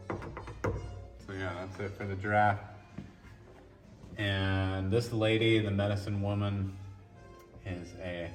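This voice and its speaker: A man giving a casual walk-through of his own art show, explaining his works in a relaxed, rambling way with frequent restarts. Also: on the low side. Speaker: artist giving a gallery tour. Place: art gallery show room. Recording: echoey room from a distance with faint music.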